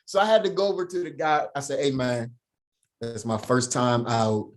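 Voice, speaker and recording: Male podcast guest, mid-pitch, energetic storyteller, slangy and emphatic. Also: normal speed. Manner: slangy, emphatic, laughs while telling stories; punctuates points with "right?". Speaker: podcast guest, founder of a men's program. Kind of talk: animated storytelling, casual talk.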